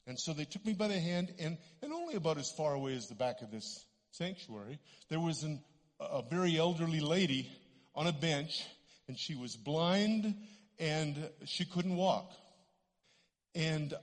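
A Canadian man preaching to a congregation, his fairly high voice rising and falling with lively swings as he tells stories and acts out the voices. He sounds middle-aged, and a long reverb from the church hall trails every phrase. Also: normal speed. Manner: animated storytelling, acts out voices. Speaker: guest preacher. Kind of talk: sermon with stories. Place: church sanctuary.

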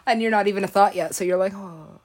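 A woman's voice: mid-range voice, steady tone, very fast. A woman rambling through a comedic commentary, swearing and giggling often.

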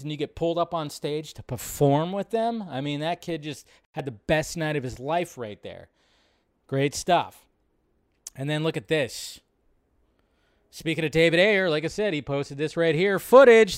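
Excitable, profane man hosting a livestream. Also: a little high, clear, resonant tone, no echo, studio quality. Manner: excitable, profane, rambling with many restarts. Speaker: livestream host. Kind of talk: casual livestream commentary.

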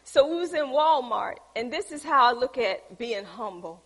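An older woman, preaching a sermon as lively storytelling, acting out the voices she quotes. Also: on the high side, moderate pace. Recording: echoey hall.

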